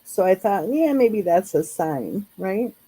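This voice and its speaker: A woman's voice: mid-range voice, lively intonation, slow, mellow, breathy edge, poor audio. A woman hosting a casual live chat, talking in a chatty, rambling way with lots of fillers. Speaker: true crime channel host.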